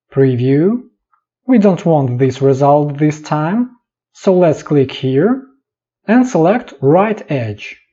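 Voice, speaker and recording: A man talks through a software tutorial slowly and calmly, one clipped step at a time. His voice is dark and a little husky, though his pitch moves a lot. The voice-over sounds dull and lo-fi. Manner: calm, instructive, short clipped steps.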